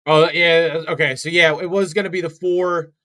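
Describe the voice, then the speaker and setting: A man's voice: fairly high pitch, steady tone, normal speed, bright, forceful tone. A young man co-hosting a wrestling watch-along stream, rambling through live commentary with many fillers and restarts.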